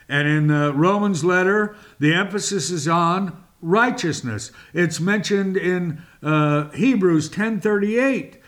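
Male preacher, high voice, emphatic and deliberate sermon delivery. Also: a bit bright.

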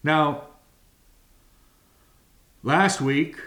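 A man preaching a sermon, reading and explaining scripture slowly and deliberately, drawing out key words. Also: on the high side, fairly bright tone.

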